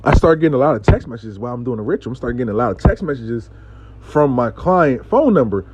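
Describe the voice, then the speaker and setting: A man's voice: medium pitch, animated, quick pace, darkish tone, slightly rough. Brief: casual male storyteller, swears freely, acts out dialogue, lo-fi sound. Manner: profane, conversational, acts out dialogue.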